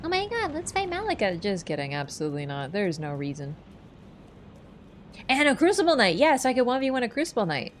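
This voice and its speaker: A woman's voice: a little high, huge pitch swings, a little fast, slight background noise. A woman streaming a game, chatting casually in a playful, teasing, rambling way. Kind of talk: casual chat while gaming.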